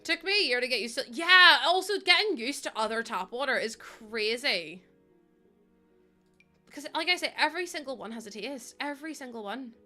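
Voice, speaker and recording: A woman's voice: sits high, lively intonation, moderate pace, pushed and bright, soft background music. A young woman with a Northern Irish accent, chatting casually with her live stream viewers, laughing often and answering their comments. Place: home streaming setup.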